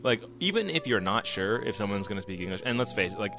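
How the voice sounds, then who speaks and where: A man's voice: fairly low pitch, quick pace, music in the background. A man co-hosting a casual podcast, telling a story with lots of swearing and acted-out quotes. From Canada. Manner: animated storyteller, swears freely, acts out quotes. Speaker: podcast co-host. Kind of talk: casual chat.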